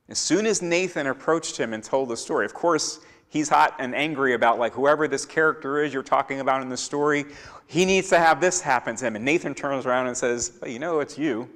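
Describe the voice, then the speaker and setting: A man's voice: mid-range voice, a little fast, a bit bright. A man teaching a Bible lesson in a church, acting out the lines of biblical characters as he tells the story. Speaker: Torah teacher. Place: church sanctuary. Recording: echoey hall with long reverb.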